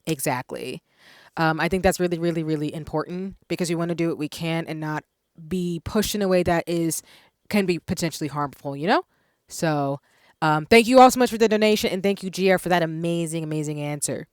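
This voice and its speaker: A woman's voice: low-pitched, fairly quick, no echo, clean studio sound. A woman hosting a live-streamed panel, thanking people at length with lots of "um"s as she moderates. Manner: warm, effusive thanks, many fillers. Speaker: panel host.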